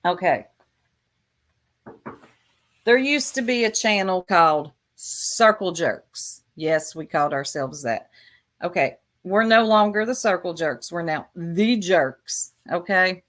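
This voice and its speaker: Slow-talking, bright-voiced woman chatting on a livestream. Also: fairly low pitch, animated. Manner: chatty, rambling, talks to chat viewers by name. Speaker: YouTube livestream host. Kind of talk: casual livestream commentary.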